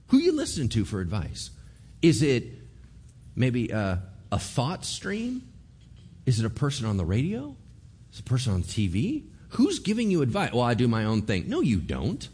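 Male pastor, lowish voice, very animated delivery, storytelling sermon. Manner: lively storytelling, acts out voices, rhetorical questions.

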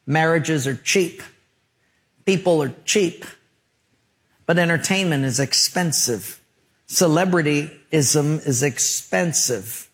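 A man's voice: fairly high pitch, slow pace, pauses often. A man preaching a sermon, telling jokes and stories with acted-out voices. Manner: comic, animated storytelling with acted voices. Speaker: pastor.

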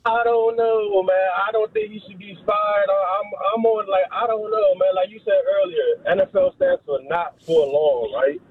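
A man's voice: high-pitched, moderate pace, hardly any pauses, breathy edge, no echo. A man in his thirties calling in to a sports radio show, rambling and hesitant with lots of slang. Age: 30s. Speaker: caller. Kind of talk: phone call-in chat. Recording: dry tinny phone line.

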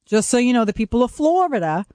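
A woman's voice: on the high side, sing-song, fast, warm tone, no echo, studio quality. A woman co-hosting a radio show, playfully teasing and bickering with the host.

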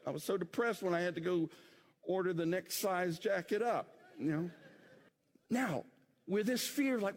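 A middle-aged man preaching a sermon as pastor, swinging between loud emphasis and quiet intensity. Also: high-pitched, normal speed. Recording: long hall reverb.

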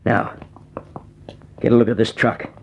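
An actor playing a cold, scheming criminal mastermind who gives curt, bossy orders, in vintage radio drama style. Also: male voice, mid-range voice, flat delivery, a little slow, creaky, a little hiss or hum.

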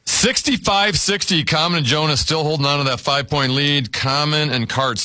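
A man hosting a word game show, briskly announcing scores, clues and whose turn it is. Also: on the high side, sharp tone, no echo, clean studio sound.

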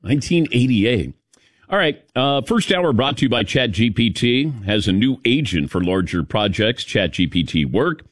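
A middle-aged male radio host with an animated, swinging delivery and a dry studio sound. He talks casually and jokes with his crew between reading ads and the lineup. His pitch sits in the middle of the male range. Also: measured pace, dry recording. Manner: lively, jokey, calls on crew by name. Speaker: sports radio show host. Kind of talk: casual morning radio talk. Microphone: studio microphone.

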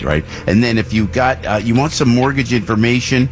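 A man from New Jersey hosting a talk radio show, animated, swinging between loud outbursts and low asides as he reads live ads. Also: brisk, few pauses.

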